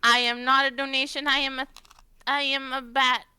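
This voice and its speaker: A woman voicing a small talking bat who protests indignantly in a squeaky voice. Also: level tone, moderate pace, bright, forceful tone, clean tone.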